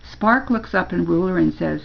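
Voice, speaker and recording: An older woman reading a children's story aloud, slowly and gently, as a storyteller. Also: lowish voice, vocal fry, dull audio.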